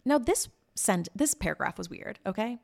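A woman's voice: mid-range voice, expressive, normal speed, vocal fry, a little mellow. A woman hosting a podcast in casual, indignant and sarcastic commentary, swearing freely. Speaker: podcast host.

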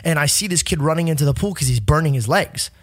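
A young man rattles through a story at a rapid clip, animated and profane, slipping into the voices of the people he quotes. His voice sits close and dry, with no room around it. He laughs often as a podcast guest in casual chat. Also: a little high, dry recording.

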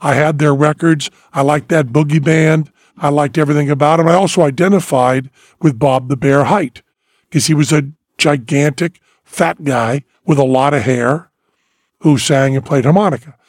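A man's voice: a little high, normal speed, no echo, studio quality. A man hosting a podcast, telling long rambling stories with lots of energy and breaking into bits of songs. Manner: animated storyteller, bursts into sung snippets. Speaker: podcast host. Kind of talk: casual chat.

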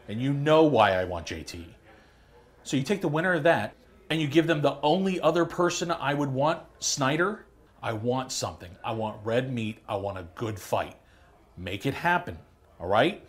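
A man playing a threatening male competitor in a comedy sketch, who speaks low and slow and sometimes drops to a whisper. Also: very animated, close to an everyday voice. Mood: menacing. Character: menacing male fighter demanding a match.

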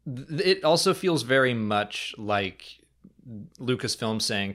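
A man co-hosting a casual fan podcast, talking through questions and often slipping into quick, playful impressions. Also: mid-range voice. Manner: animated, jumps into funny impressions. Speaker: podcast co-host.

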